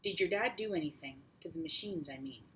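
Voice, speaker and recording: A friendly police sergeant, read by a woman, asks his questions calmly and gently. The voice sits a little low and even, with a faint hiss behind it. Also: fairly quick, far from the mic, close to an everyday voice, low-quality recording. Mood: gentle questioning.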